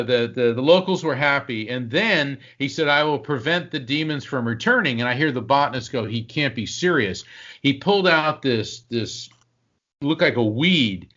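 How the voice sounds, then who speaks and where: Male psychic guest, lively storyteller, mid pitch, slightly muffled audio. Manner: animated storyteller, acts out quotes, frequent fillers. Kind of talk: anecdotal storytelling in conversation.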